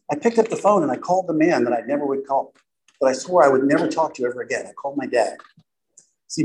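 A man's voice: fairly high pitch, low-quality recording. A middle-aged man giving a candid personal testimony to an audience, rambling and full of "you know" asides. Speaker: speaker sharing a recovery story.

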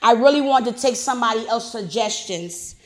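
High-voiced woman telling her recovery story. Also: a little fast. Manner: animated storyteller, loud and soft by turns; informal, colloquial grammar. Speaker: speaker at a recovery meeting. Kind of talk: personal recovery testimony.

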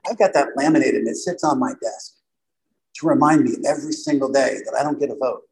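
A man's voice: medium pitch, fast, vocal fry, a little mellow, poor audio. A man speaking to a group at a recovery meeting, conversational and self-deprecating, often checking in with "right?".

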